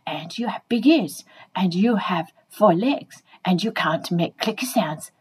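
A woman's voice: on the low side, lively intonation, measured pace, darkish tone, breathy edge, voice pushed down, exaggerated voice. A rude little grasshopper, put on by a woman. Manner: indignant, blunt.

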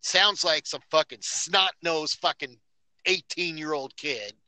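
A man rants his way through a story on a casual podcast, swearing freely. His voice is very bright and a little high, and the recording is dry and close. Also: a little slow, no room sound, low-quality recording. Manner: profane, ranting storyteller. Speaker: podcast host.

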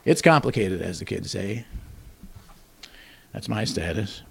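Dry-voiced older man with gravelly low tone. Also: moderate pace, pauses often, dry recording. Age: 60s. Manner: dry, wisecracking, mutters asides. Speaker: podcast host. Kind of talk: deadpan satirical news monologue.

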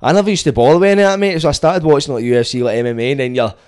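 A man's voice: a little high, rapid-fire, darkish tone, clean tone. A man with a Scottish accent, a rapper guest on a podcast, telling loose, sweary stories in casual chat.

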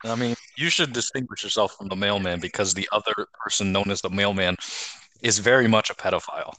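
A man's voice: fairly low pitch, a little fast, bright, forceful tone, no echo. A young man in casual chat, teasing and wry, offering offhand opinions.

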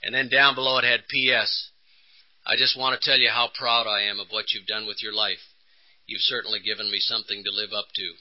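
A man's voice: fairly low pitch, little pitch movement, a little fast. An older man, telling his recovery story at a conference in an earnest, emotional way and acting out the dialogue. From Texas, USA. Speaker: conference speaker. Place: conference hall. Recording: dull lo-fi 1980s conference tape.

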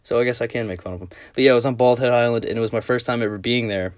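A man's voice: medium pitch, fairly even intonation, very fast, clear, resonant tone, no room sound, clean studio sound. A tired young man hosting a solo podcast, rambling through tangents and swearing casually. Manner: rambling, profane, tangent-prone. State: tired, yawning. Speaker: podcast host.

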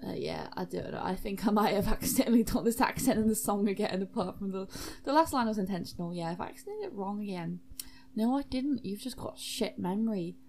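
A woman's voice: mid-range voice, lively intonation, quick pace, darkish tone, a little hiss or hum, poor audio. A young woman improvising a comic story, rambling, self-mocking and swearing freely.

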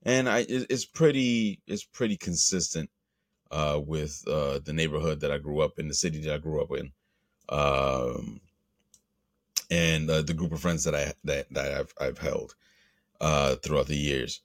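A Latino man hosting a podcast, rambling through a profane, animated rant with the odd put-on voice. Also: very deep voice, measured pace, dry recording, clean studio sound. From Latino, grew up in the US. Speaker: podcast host. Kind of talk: casual monologue.

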